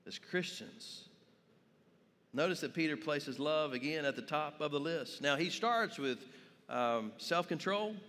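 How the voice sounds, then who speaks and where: A man's voice: fairly high pitch, a bit bright, big-room sound. A man preaching a sermon as pastor, telling stories and asking his congregation questions. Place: church sanctuary.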